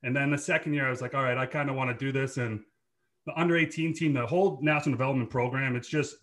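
Bright-voiced Boston man, laid-back. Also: medium pitch, steady tone, quick pace. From Dorchester, Massachusetts. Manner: laid-back, laughs often, swears freely. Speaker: podcast guest, former hockey player. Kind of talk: casual chat.

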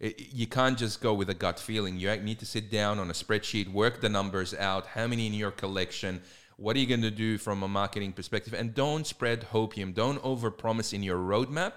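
A man's voice: lowish voice, fairly bright tone, smooth. A man with an Australian accent co-hosting a casual podcast, giving blunt, direct advice. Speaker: podcast co-host.

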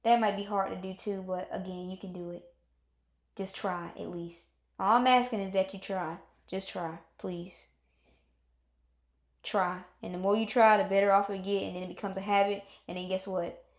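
A woman's voice: medium pitch, steady tone, moderate pace, echoey room. A woman giving a casual motivational talk, earnest and encouraging, repeating herself and acting out moods as she speaks.

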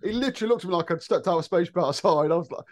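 English bloke, thirties, podcast co-host, bright and expressive storyteller, laughs a lot. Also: male voice, high-pitched, racing. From England. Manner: lively storyteller, swears, laughs often. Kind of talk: casual podcast chat.

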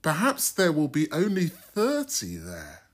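A man's voice: a little high, huge pitch swings, a little slow, husky, voice pushed up, heavily acted. A man voicing a humble old patriarch who earnestly pleads with rising, imploring questions. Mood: pleading.

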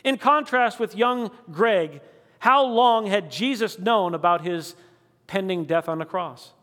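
A man preaching a sermon, asking rhetorical questions one after another and slowing down to stress key words. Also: sits high, a bit bright, long reverb tail. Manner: dramatic, rhetorical questions, slows for emphasis.

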